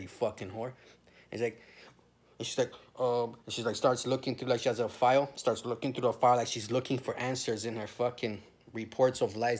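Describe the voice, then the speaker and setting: Man from Canada, heated profane storyteller, slangy street talk. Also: mid-range voice.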